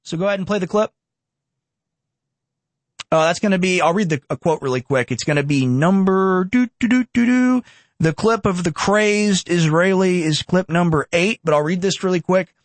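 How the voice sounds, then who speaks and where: A man's voice: high-pitched, no echo. Sarcastic man ranting in dry close sound. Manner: indignant, sarcastic, talks fast in bursts. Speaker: online commentary host. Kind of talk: ranting reaction commentary.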